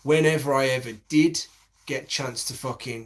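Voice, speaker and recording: A man's voice: mid-range voice, moderate pace. A man in his forties, rambling in a casual monologue with heavy swearing and many restarts.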